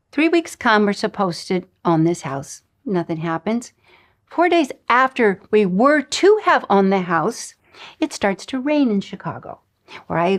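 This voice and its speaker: A middle-aged woman teaches a spiritual lesson in her own voice, her pitch sitting in a plain middle range. She tells personal stories with animation, acting out the lines of each person in them. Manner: animated storyteller, acts out dialogue.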